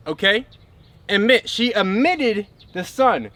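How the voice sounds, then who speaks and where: A man's voice: high-pitched, lively intonation, normal speed, fairly bright tone. A man giving an emphatic spiritual teaching talk who keeps checking in with his listeners.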